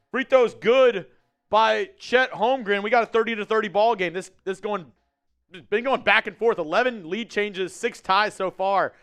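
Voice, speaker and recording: Texas guy hosting a game stream from a studio, high clear voice, hypes up every big play. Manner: upbeat and chatty, shouting on big plays. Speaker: live-stream host and play-by-play commentator. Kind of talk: casual live-stream watch-along commentary. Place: studio at company headquarters.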